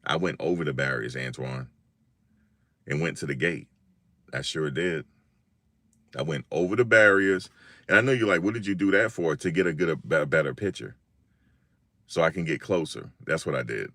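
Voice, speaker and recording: A man from Virginia hosts a casual live stream. His voice sits very low, and he talks in slang, acting out the lines of the people in his stories. The sound is dry and close. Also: normal speed, pauses often, no echo. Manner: animated slangy storytelling, acts out quotes.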